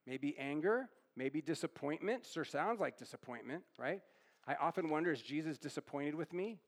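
A man with a high voice gives a conversational sermon. He keeps asking his listeners questions, echoes their answers back and tags his points with "right?". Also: animated, moderate pace. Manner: asks the audience questions and repeats their answers. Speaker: pastor. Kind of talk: interactive sermon.

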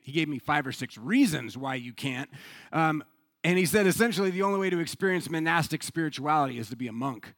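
A male pastor from the United States preaching a sermon, telling a story in an animated, conversational way with rhetorical questions. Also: fairly high pitch, quick pace, no echo.

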